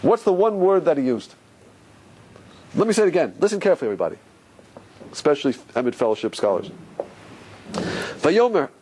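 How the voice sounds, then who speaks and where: A man, a rabbi, teaching a lively Torah class, questioning his listeners and repeating key points for stress. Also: sits high, moderate pace, pauses often, a little hiss or hum.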